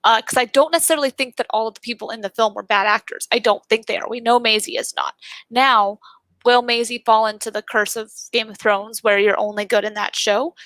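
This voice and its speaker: A woman who is a podcast guest, giving her quick, opinionated take on movies in casual chat. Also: on the high side, steady tone, a bit bright, dry recording.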